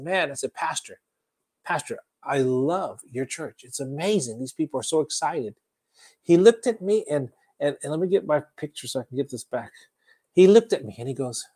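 A man preaching a sermon, telling a testimony in an animated storytelling manner that swings between loud and soft. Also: fairly high pitch.

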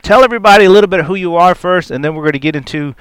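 A man hosts a Christian radio talk show. He is upbeat, chatty and laughs easily. His voice sits a bit high and sounds close and dry. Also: racing, fairly bright tone, clear, resonant tone, no room sound. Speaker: radio host.

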